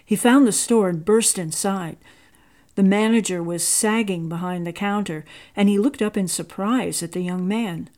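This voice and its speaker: A woman reading a story aloud in a measured, expressive narrating voice. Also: medium pitch.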